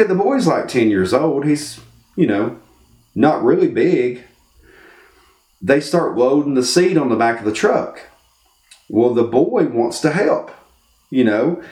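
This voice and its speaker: A man telling a story in casual talk and acting out the voices in it. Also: mid-range voice. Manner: animated, acts out the voices in his story. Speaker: storyteller giving life advice. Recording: echoey room.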